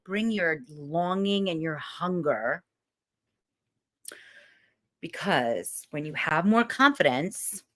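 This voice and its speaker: A middle-aged woman, a confidence coach, leading a live online masterclass in an emphatic, sassy, animated way. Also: mid-range voice.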